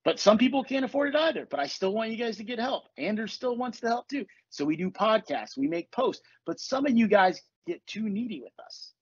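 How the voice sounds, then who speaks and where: A man hosting a casual podcast, blunt and confessional, with lots of swearing. His voice is slightly breathy and sits close and dry on a dull, lo-fi mic. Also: high voice, sing-song, brisk, hardly any pauses, no room sound. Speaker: podcast host and coach. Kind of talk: casual chat.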